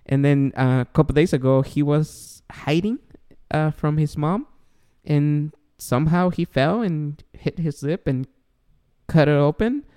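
A man's voice: a little high, unhurried, dark tone, smooth. A man co-hosting a podcast, chatting casually and acting out his own reactions as he tells a story. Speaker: podcast co-host. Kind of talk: casual chat.

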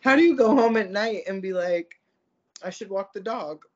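A man's voice: high voice, normal speed, lo-fi sound. A man co-hosting a casual podcast, laid-back and mostly giving brief replies and asking the questions. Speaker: podcast co-host. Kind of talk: casual chat.

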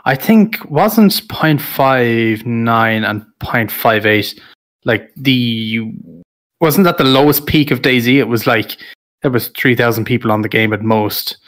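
A man's voice: medium pitch, slow, a bit bright. A man who makes videos, in casual chat, thinking aloud and unsure of details. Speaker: content creator.

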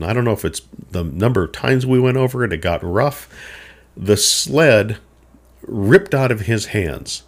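A middle-aged man hosting a show, telling a childhood story in a relaxed, rambling, self-deprecating way. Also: on the low side. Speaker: podcast host. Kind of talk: personal storytelling.

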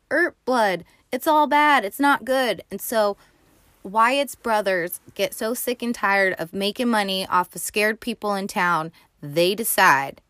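A woman hosting a movie show, recapping a film in an animated, profane, slangy way. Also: mid-range voice, no echo, studio quality. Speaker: movie podcast host.

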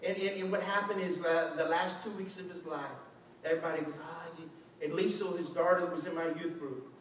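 A man preaching a lively sermon as a pastor, acting out quotes with shouts and laughter. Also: fairly high pitch, brisk. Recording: echoey hall, distant mic, faint noise.

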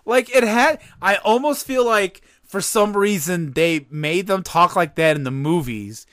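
This podcast co-host has a high, clear, resonant voice with some brightness, and he takes his time. He rambles through casual conversation full of filler words and laughter, captured as clean studio sound with no room echo.

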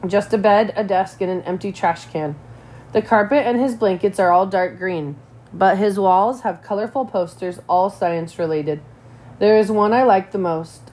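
A woman's voice: mid-range voice, a little mellow. Woman reading a storybook aloud. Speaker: reader. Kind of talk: reading a children's novel aloud.

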